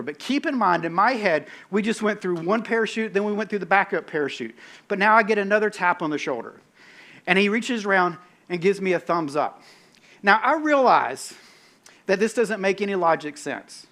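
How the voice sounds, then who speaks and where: Animated male preacher with a bright, forceful voice, self-mocking storyteller. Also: high voice, normal speed. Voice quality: bald-headed, bearded. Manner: animated, self-mocking, acts out his own panic. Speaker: pastor. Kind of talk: sermon storytelling.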